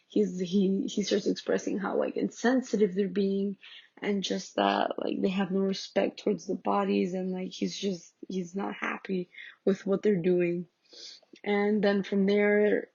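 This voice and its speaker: A woman's voice: medium pitch, gravelly, darkish tone, slightly rough, dry recording. A woman summarizing a play for a class in a hesitant way, full of likes and restarts. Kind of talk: casual plot summary. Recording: dull lo-fi dry recording.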